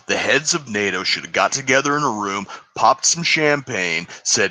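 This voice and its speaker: A man's voice: on the low side, animated, moderate pace, hardly any pauses, bright, forceful tone, dry recording. A man co-hosting a casual political podcast, talking in an emphatic, opinionated way with frequent restarts. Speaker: podcast co-host.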